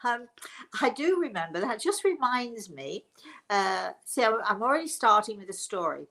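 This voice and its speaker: Older English woman telling a story, gravelly. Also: on the high side, sing-song, moderate pace, slight background noise, low-quality recording. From England. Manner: rambling, warm anecdotal storytelling with restarts. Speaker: host and spiritual medium. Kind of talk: casual storytelling to a live stream audience.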